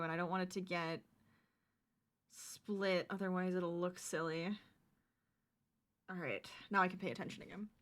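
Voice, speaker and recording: Giggly woman chatting w her stream chat while crocheting at home, bright tense voice, kinda high. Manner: bubbly and giggly, chatting to viewers.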